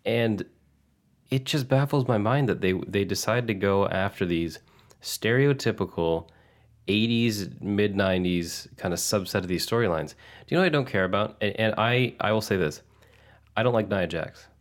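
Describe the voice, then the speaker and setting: A man's voice: on the low side, moderate pace. A man co-hosting a casual podcast who gives blunt, opinionated rants. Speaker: podcast co-host. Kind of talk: casual chat.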